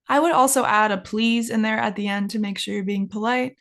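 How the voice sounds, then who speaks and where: A woman's voice: medium pitch, fairly even intonation, a little fast, creaky, fairly bright tone. A woman teaching an English lesson, enunciating carefully and exaggerating rising and falling intonation so learners can copy it. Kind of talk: English lesson with shadowing practice.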